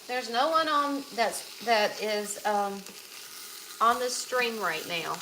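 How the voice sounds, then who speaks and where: A woman's voice: on the high side, slow pace, low-quality recording. A middle-aged woman chatting on a live stream while cooking at home, reading viewer comments and calling them darling. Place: home kitchen. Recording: loud sizzling cooking noise behind. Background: food frying and sizzling on the stove.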